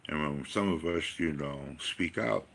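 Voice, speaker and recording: A man's voice: rumbling low, unhurried, creaky, fairly bright tone. A man giving a rambling personal monologue, emphatic and profane, full of rhetorical questions. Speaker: vlogger.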